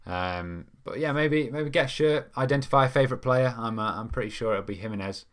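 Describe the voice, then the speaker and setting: A man's voice: mid-range voice, a little fast. A young man hosting a casual live stream, chatting and reading viewer comments, rambling with lots of ums and restarts. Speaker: football fan show host.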